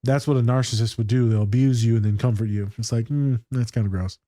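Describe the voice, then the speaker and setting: A podcast co-host who works as a school therapist chats casually about a TV scene, swearing freely, using slang, and drifting into stories from his own life. His voice is dark, mellow, and medium in pitch, with fairly even intonation and a fast delivery. The recording is close and dry, with almost no room sound and no echo.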